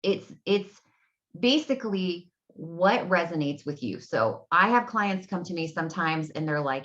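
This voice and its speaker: A woman's voice: on the low side, lively intonation, a little slow, fairly bright tone, highs cut off. A woman in her thirties, an energy healing coach, chatting casually and rambling to her audience from her home, with lots of fillers. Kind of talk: casual solo talk to camera. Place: home room. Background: dogs barking.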